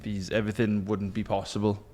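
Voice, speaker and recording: A man co-hosting a podcast in casual chat, speaking earnestly and with some halting restarts. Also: on the low side, level tone, mellow, big-room sound. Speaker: podcast co-host.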